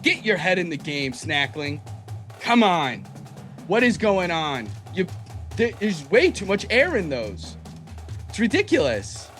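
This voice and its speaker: A man's voice: high-pitched, very animated, measured pace, a bit bright, soft background music, voice pushed up, full character voice. A man voicing a bossy female cafeteria chef who barks at her kitchen staff like a drill sergeant. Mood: scolding. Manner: barking, scolding, indignant.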